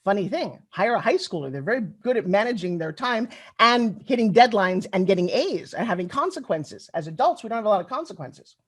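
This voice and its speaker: A husky, mid-range voice comes from a middle-aged woman speaking fairly quickly. She tells stories in a chatty conference keynote, animated and addressing the audience head-on.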